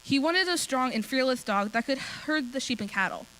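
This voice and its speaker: A woman reading a short story aloud at a talent show, with expressive storytelling. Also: sits high, moderate pace, a little hiss or hum, low-quality recording.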